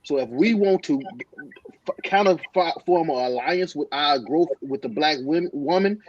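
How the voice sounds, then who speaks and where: A man on a podcast panel, talking in a halting, earnest way with many restarts. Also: on the high side, a little mellow, no room sound, highs cut off. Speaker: podcast co-host. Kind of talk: casual discussion.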